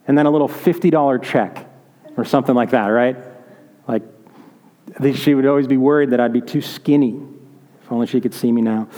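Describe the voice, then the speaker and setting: A pastor with a warm, medium-pitched voice gives a conversational sermon in a reverberant hall. He tells stories and asks the congregation questions.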